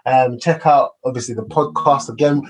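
A man's voice: medium pitch, moderate pace, poor audio. A man hosting a casual football podcast, laid-back and rambling with many fillers. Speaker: podcast host.

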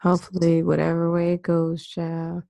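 A woman co-hosting a casual podcast in a blunt, profane way that she often breaks with laughter. Her voice is low and gravelly. The sound is close and dry, with no room behind it. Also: completely flat delivery, normal speed, warm tone, no room sound. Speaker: podcast co-host. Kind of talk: casual chat.

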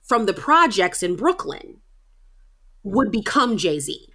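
Woman, podcast host, animated, storytelling, laughs often, mid pitch. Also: slow pace. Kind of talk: conversational interview.

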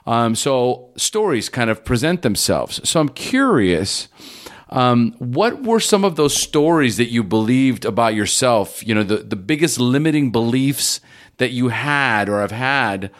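A man hosting a podcast interview, talking in a reflective, halting way with frequent restarts. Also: medium pitch, very animated. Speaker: podcast host. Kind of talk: conversational interview.

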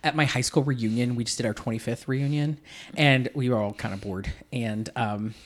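A man's voice: mid-range voice, moderate pace. A man in his forties hosting a podcast, chatting casually, swearing freely and laughing often as he rambles through stories. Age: 40s. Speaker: podcast host. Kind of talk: casual chat.

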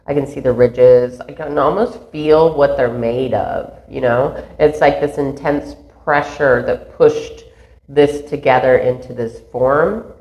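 Low-voiced lady rambling about faith and her inner self, earnest, echoey room, kinda muffled. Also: a little slow. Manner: meandering, earnest, laughs at herself. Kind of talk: reflective spiritual monologue. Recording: roomy echo, slightly dull sound.

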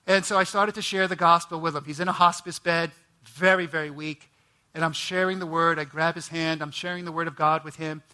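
A man delivering a heartfelt sermon testimony in a high, bright voice. He tells his story earnestly, pushing up into an even higher register at the most emotional moments. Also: a little fast. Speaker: ministry president.

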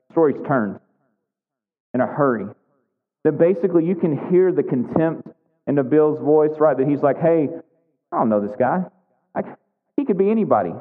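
A man preaching a sermon in a conversational way, often tagging on "right?" as he goes. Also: medium pitch. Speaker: pastor. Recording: tinny phone-like sound with long hall reverb.

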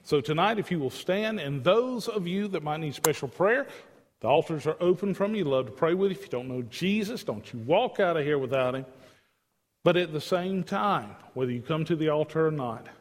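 A male pastor preaching an earnest, emphatic sermon in a slightly higher register. His voice carries the long, ringing reverb of a church hall. He presses his points home with pleading urgency. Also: expressive, normal speed. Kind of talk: evening sermon. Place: church sanctuary.

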